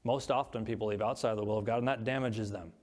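A man's voice: on the low side, steady tone, fast, a little mellow. Man preaching a scripture sermon. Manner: reads scripture aloud, stresses words in lists. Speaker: pastor.

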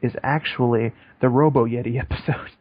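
A husky-voiced man chats casually as a podcast co-host, rambling and getting excited, with the odd swear. His voice sits at an ordinary pitch. The recording sounds dull and lo-fi. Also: fairly quick. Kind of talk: casual chat.

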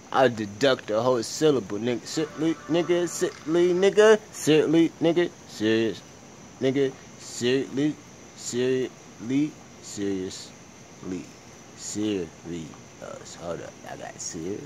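A young man ranting profanely in a casual vlog, swinging between low mumbling and loud shouting. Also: lively intonation, slow pace, a little hiss or hum. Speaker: vlogger.

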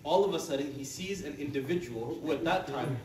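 Animated man telling stories to kids. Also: on the high side, brisk, a crowd in the background. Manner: animated, playful, acts out quotes in a hushed voice. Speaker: Islamic teacher telling stories to children. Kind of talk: lively storytelling lesson. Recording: echoey room, from a distance, with noise.

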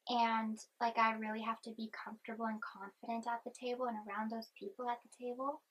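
Brief: young woman vlogger, soft-spoken, slightly high and breathy, anxious, rambling while chewing gum. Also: flat delivery, fairly quick, dull audio. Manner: chatty, meandering, chewing gum. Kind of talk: rambling personal vlog.

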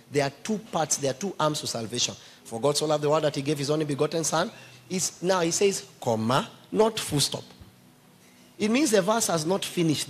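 A man's voice: on the high side, slight background noise. A man preaching a sermon, emphatically quizzing his congregation with questions.

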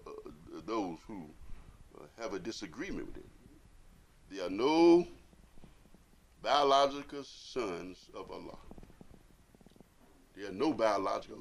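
A man giving a Friday sermon as imam, repeating lines emphatically and asking rhetorical questions. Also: on the low side. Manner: swings between hushed and loud, rising to forceful.

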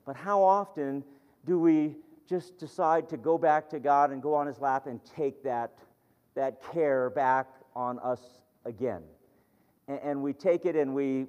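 A man preaches earnestly, reading scripture and building emphasis as he tells a story. His mid-pitched voice rings with a long reverb in a church hall. The recording is dull and lo-fi. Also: darkish tone. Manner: earnest, reads scripture aloud, tells stories with rising emphasis. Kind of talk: sermon.

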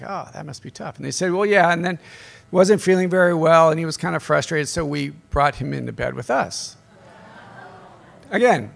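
A middle-aged priest giving a conference talk to a live audience, with a gravelly, fairly high voice. He mixes humorous stories with direct appeals to the crowd. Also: fairly bright tone. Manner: conversational storytelling with humor and call-outs to the crowd.

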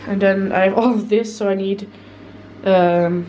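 A woman's voice: mid-range voice, fairly even intonation, measured pace, dark tone, slight background noise, low-quality recording. A young woman from the Netherlands, giving a casual, giggly vlog tour of a new apartment, laughing often and swearing freely. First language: Dutch. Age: young adult. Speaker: vlogger.

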